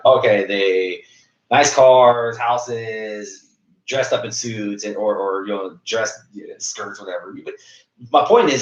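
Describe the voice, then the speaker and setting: A man hosting a podcast, chatting casually and animatedly with frequent stumbling restarts. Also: fairly low pitch. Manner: animated, stumbling restarts, acts out other people's talk. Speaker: podcast host, realtor. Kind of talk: casual interview conversation. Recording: echoey room, dull lo-fi sound.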